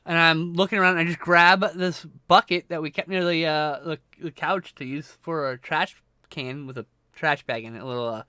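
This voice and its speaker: A man's voice: on the high side, steady tone, normal speed, pushed and bright, clear, resonant tone, dry recording, studio quality. A man hosting a livestream, telling a rambling, profane anecdote in casual chat, full of restarts and swearing. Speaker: livestream host.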